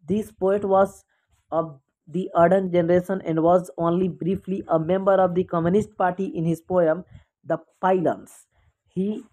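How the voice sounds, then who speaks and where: A woman with an Indian English accent walks through exam questions as a tutor. Her voice sits a little low and mellow. She reads each option in a steady, list-like rhythm before explaining. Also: low-quality recording. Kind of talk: exam question walkthrough lesson.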